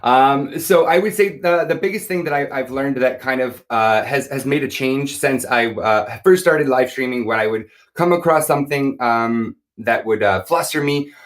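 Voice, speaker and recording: A man who sells on live streams, giving candid, earnest advice in a halting way, speaking into a phone or device mic. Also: medium pitch.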